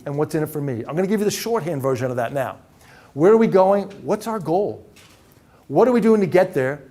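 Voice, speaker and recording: Guy speaking at a business workshop, pretty high voice, upbeat, keeps throwing questions at the crowd. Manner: energetic, engages audience with questions. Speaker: keynote speaker. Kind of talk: live leadership workshop talk. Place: conference room with audience.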